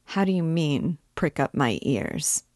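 Woman reading as an earnest young clerk, serious, puzzled, low, slow, dry storybook voice. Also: very animated, darkish tone, dry recording, full character voice. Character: earnest young male police clerk, easily unsettled.

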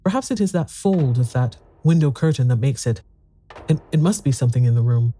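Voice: mid-range voice, expressive, a little fast, dark tone, slightly rough. A reader voicing a frightened middle-aged woman who stammers in horror, in a storybook reading. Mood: horrified.

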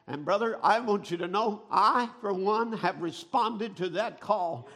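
A man preaching a revival sermon, chanting short repeated lines in a shout and dropping low to read scripture. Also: a little slow, few pauses.

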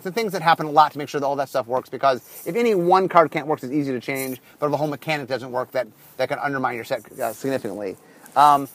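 A man who designs card games, talking through his work in a casual monologue, often restarting and correcting himself mid-sentence. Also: fairly high pitch.

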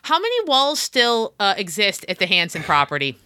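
Woman playing her character at the table, halting and emotional, really bright smooth voice, dry sound. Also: medium pitch, wildly swooping pitch. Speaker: player.

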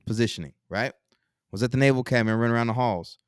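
A man's voice: mid-range voice, rapid-fire, clear, resonant tone, dry recording, clean studio sound. A man from Texas, a podcast guest explaining business ideas with examples and rhetorical questions in a casual interview.

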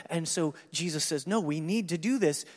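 A man preaching a sermon, walking through a scripture passage and acting out the characters' lines in an animated way. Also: on the high side, normal speed, in a large hall. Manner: animated, acts out scripture dialogue with laughs. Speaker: pastor.

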